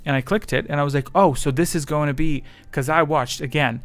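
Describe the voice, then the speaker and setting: A man's voice: fairly high pitch, fairly even intonation, brisk, no room sound. A man chatting casually on his livestream, rambling and self-deprecating as his thoughts wander. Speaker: streamer.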